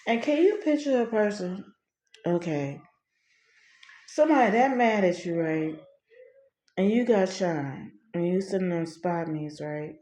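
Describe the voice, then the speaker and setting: Animated woman telling a story, echoey. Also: fairly low pitch, a little slow, long pauses. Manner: animated, slangy, acts out quotes. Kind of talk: casual storytelling. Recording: echoey room.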